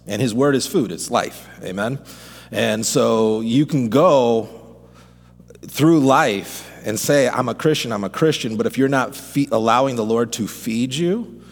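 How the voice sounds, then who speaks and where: A man preaching a sermon to a congregation, fervent and building in intensity, asking them to respond. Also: on the low side. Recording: long hall reverb.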